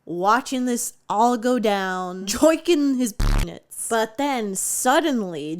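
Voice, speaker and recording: A young woman hosting a comedic book review, with a slightly high, casual voice. She riffs sarcastically, swears freely and leans on fillers like "like" and "you know.".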